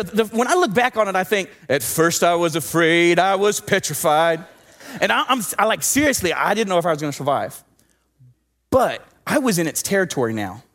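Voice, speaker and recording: A man from Southwest Texas preaches a sermon built around a personal story. His voice sits a bit high and moves a lot, rising and dropping through the lines. He swings from loud, emphatic bursts to hushed asides. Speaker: pastor.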